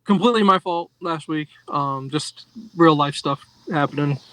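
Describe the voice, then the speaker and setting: Chatty middle-aged man, slightly high voice. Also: moderate pace, pushed and bright, no room sound, poor audio. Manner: chatty, laughs often, fillers. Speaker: podcast co-host. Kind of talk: casual chat.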